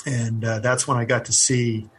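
A middle-aged man, a former army helicopter pilot, telling his story in an interview, candid and halting with many fillers. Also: medium pitch, vocal fry, husky.

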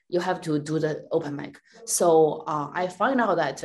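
A woman's voice: low-pitched, steady tone, moderate pace, gravelly. A woman comedian talking bluntly and emphatically in an interview, with frequent fillers. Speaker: comedian guest. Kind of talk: candid interview talk.

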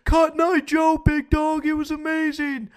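A man doing an impression of a drunk, rowdy young man shouting at a wedding party. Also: very high voice, completely flat delivery, normal speed, voice pushed up. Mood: drunk excited.

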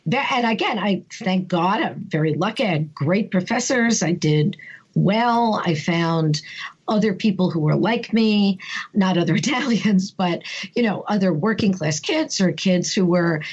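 A middle-aged woman with a New York accent, a podcast guest telling lively stories in a casual interview, bursting into high pitch and laughing often. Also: measured pace, slightly rough, muffled recording. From United States, Brooklyn and Long Island. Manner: animated, jumps to high pitch for quoted voices, laughs often. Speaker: author and humorist, podcast guest.

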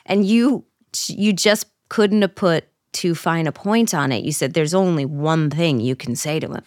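A woman's voice: deep voice, normal speed, darkish tone, no echo, studio quality. Woman playfully retelling a story. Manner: playful retelling with quoted lines. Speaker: podcast guest. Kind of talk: casual chat.

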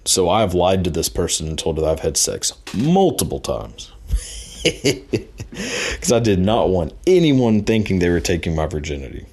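A man's voice: low voice, big pitch swings, moderate pace, a little mellow. A man telling a personal anecdote in a rambling, casual way, full of fillers and laughing at himself. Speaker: storyteller.

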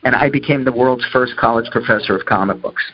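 A man's voice: mid-range voice, fairly quick, breathy edge. An older man from New Jersey telling an anecdote from his career and acting out each person's lines. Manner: acts out dialogue with lively voices. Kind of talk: anecdotal storytelling talk. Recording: dull lo-fi audio.

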